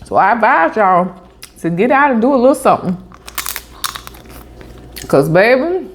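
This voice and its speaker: A woman vlogger, telling a story in a chatty, animated way with asides like "honey" and "baby" while she eats. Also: a little high, normal speed, slight background noise. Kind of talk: casual storytelling while eating.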